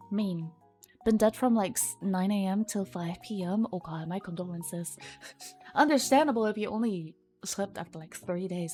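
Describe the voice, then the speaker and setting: A young woman streaming her art, chatting casually and teasing her viewers as she reads their messages. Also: medium pitch.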